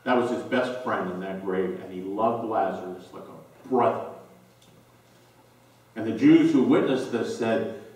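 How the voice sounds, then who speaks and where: A male pastor preaching a sermon, slow and emphatic with dramatic pauses, recorded in a church sanctuary. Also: lowish voice, a little mellow. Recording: very echoey church from a distance.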